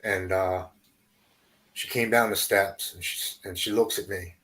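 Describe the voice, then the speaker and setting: Speaking in a low-pitched voice with fairly even intonation, a man appearing on a podcast recounts his recovery. He falters as he goes, repeats words, and falls quiet when the story gets hard.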